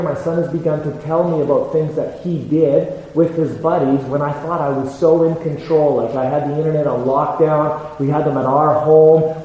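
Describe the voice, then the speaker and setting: Man in his forties, ministry speaker, earnest and halting, slightly high voice, echoey hall with long reverb. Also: darkish tone, a little hiss or hum. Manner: earnest, halting, many fillers and restarts. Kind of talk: conference talk. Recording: echoey hall with faint ambience.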